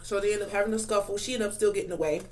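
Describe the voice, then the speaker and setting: A woman in a casual eating vlog talks between bites, her speech loose and rambling. Her voice sits at an ordinary middle pitch for a woman, and she piles on fillers and restarts. The tone stays chatty and unpolished. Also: rapid-fire. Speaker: mukbang vlogger. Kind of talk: casual storytelling while eating.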